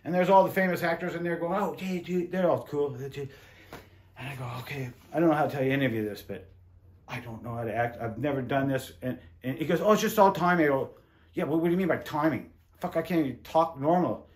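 A middle-aged man and former windsurfer telling stories casually in an interview, animated and acting out quoted voices. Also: on the high side, fast. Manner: animated, swearing, acts out quotes.

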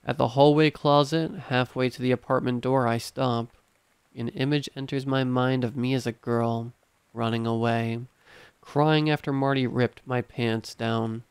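Brief: male narrator for scripted horror reading, steady delivery, dry close sound. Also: medium pitch, measured pace, smooth, no echo.

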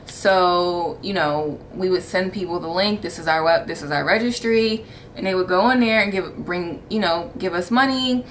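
A woman in her thirties from the United States vlogging casually and candidly, laughing often and getting animated when she is exasperated. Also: lowish voice, moderate pace, hardly any pauses, slight background noise. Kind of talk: casual wedding-planning vlog.

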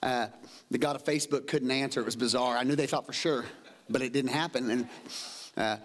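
A middle-aged man preaching a sermon in church, energetic, dropping to low asides and rising to loud exclaims, acting out quotes in changed voices. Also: fairly quick. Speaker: pastor. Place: church sanctuary.

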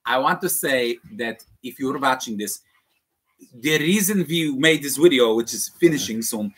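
A man's voice: medium pitch, expressive, moderate pace, a bit bright, slightly rough. A man playing a rambling, self-deprecating rebbe in an improvised comedy skit. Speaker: comic playing a folksy rebbe.

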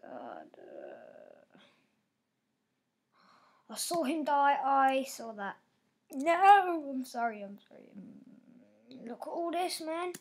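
Woman gamer, high voice, unhurried delivery, excitable play-by-play with loud outbursts and quiet mutters. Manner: excitable, reacting aloud with frequent exclamations. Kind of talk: live gameplay commentary.

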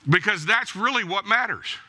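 Bright, lively preaching man. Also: high voice, normal speed. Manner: emphatic, exhorting, blunt repeated commands. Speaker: pastor. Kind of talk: sermon. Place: church.

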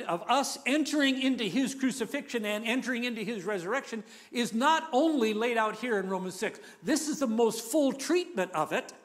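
A man's voice: high-pitched, fairly bright tone. A man preaching a sermon, emphatic and repetitive, leading the listeners to say lines back with him. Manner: emphatic, repeats key phrases, leads the audience in repeating lines.

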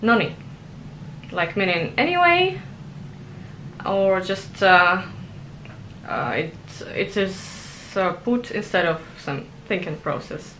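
Woman, young adult, slow casual vlog, self-conscious, giggly. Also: fairly low pitch, animated, fairly bright tone, slight background noise. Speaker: language vlogger.

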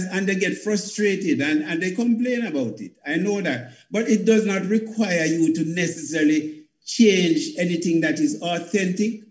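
A man's voice: sits high, a little mellow. An older Jamaican man and theatre producer explaining his points earnestly in a panel discussion, often repeating himself for emphasis. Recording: roomy echo.

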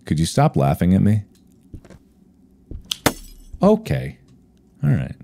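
A man's voice: low voice, huge pitch swings, slow pace, gravelly, warm tone, a little hiss or hum. A man playing a horror game alone, teasing and taunting an unseen ghost with sudden yelps. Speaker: game streamer.

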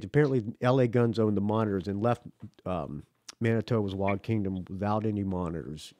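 A man's voice: lowish voice, fairly quick, mellow, dry recording. A man hosting a podcast who chats casually with his guest and laughs often. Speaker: podcast host. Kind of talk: casual interview chat.

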